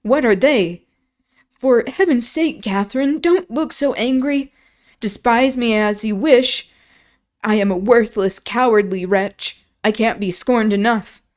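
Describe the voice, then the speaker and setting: A woman's voice: a little high, unhurried, darkish tone, close to an everyday voice. A woman voicing a frail, terrified teenage boy who pleads tearfully in a novel read aloud on a stream. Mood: self-pitying.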